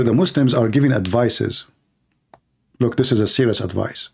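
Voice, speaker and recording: A man's voice: mid-range voice, moderate pace, gravelly, a little mellow, slightly rough. A man giving mocking live-stream commentary while reading viewer comments aloud, sarcastic and teasing. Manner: sarcastic, teasing, laughs at his own jokes.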